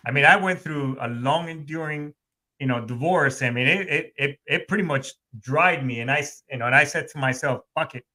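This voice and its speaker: A man's voice: on the high side, fairly quick, pushed and bright. A man in casual podcast chat, rambling with frequent restarts and blunt profanity.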